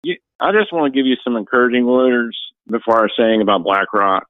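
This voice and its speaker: A man's voice: medium pitch, a little fast, no echo. A man calling in to a talk radio show, speaking with earnest, emotional, preacher-like fervor. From Indiana. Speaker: caller. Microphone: phone. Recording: tinny phone line, dry.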